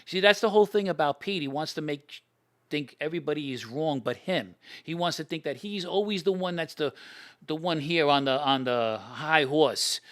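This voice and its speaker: An older man, casually telling stories about old friends, animated, acting out quoted lines and often restarting his sentences. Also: a little high, brisk. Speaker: podcast guest telling stories. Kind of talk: casual storytelling.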